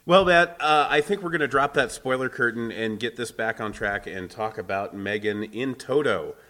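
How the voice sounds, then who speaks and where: A man's voice: mid-range voice, moderate pace, pushed and bright. A man co-hosting a casual film podcast, talking in long, wordy runs and often restarting his phrases. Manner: wordy, self-correcting, builds points in long lists. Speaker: podcast co-host. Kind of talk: casual movie review chat.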